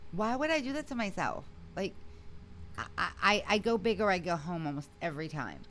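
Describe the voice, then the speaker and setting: Low-voiced woman, animated and emphatic. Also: a little fast, a little hiss or hum. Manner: animated, emphatic storytelling with frequent restarts. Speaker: interview guest, singer and video creator. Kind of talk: casual conversational interview.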